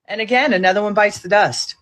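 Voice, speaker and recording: A woman's voice: medium pitch, fast talker, a bit bright. A woman commentator in a video clip, speaking sternly in repeated warning phrases. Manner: stern, warning, rhythmic repetition.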